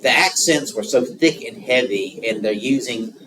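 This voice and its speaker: A man with a Southern American accent giving an unscripted geography lecture, rambling with many filler pauses. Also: mid-range voice, animated. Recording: distant mic with noticeable background noise.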